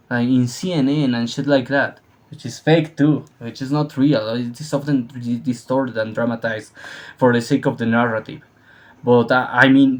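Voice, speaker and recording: A man with a slightly raised pitch rambles through a casual opinion piece. He swears freely and laughs often. Now and then he bursts into shouted voices to act out scenes. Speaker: vlogger.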